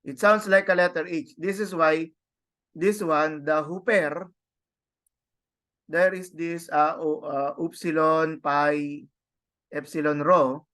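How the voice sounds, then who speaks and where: Slow, halting man teaching a class. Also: on the high side, steady tone, fairly bright tone. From Philippines. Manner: halting, with many restarts and tag questions. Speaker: Greek teacher. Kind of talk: online class lecture.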